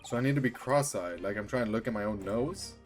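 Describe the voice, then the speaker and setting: A man reacting and commenting as a streamer playing a story game, excited and swearing. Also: on the low side, quick pace, soft background music. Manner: animated, reacts loudly and swears. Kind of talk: let's-play commentary.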